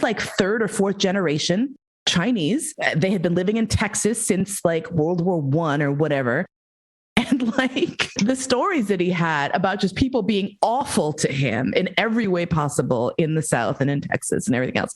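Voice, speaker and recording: A middle-aged podcast host with a voice that sits low for a woman. She talks in a candid, conversational way, swearing freely and throwing herself into her stories with lively animation. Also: moderate pace. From New York. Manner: blunt, expressive, swears freely, animated storytelling.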